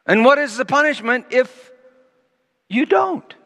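High, lively male preacher in a hall. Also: measured pace, vocal fry. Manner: animated, swinging from loud emphasis to quiet asides. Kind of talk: sermon with Bible teaching. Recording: long reverb of a large hall.

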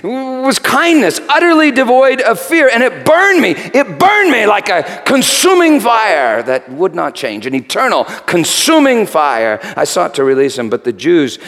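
A haunted Roman governor confesses his guilt in a high, restless voice, as a man acts him out on stage. His delivery lurches from shouted outbursts to hushed whispers, with the pitch leaping all over. A long church-hall reverb trails every phrase. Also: big pitch swings, unhurried, few pauses, heavily acted. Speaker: preacher performing a character monologue. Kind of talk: dramatic first-person monologue.

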